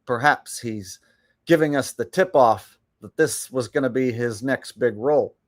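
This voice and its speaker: Talking somewhat slowly at medium pitch, this livestream host comments on clips. His casual stream talk rambles and boasts.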